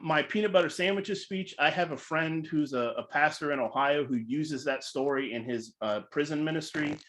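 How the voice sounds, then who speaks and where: A man telling a story in a casual, animated way, acting out other people's voices and using "like" a lot. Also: a little high. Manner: animated, acts out voices, filler "like". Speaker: featured speaker.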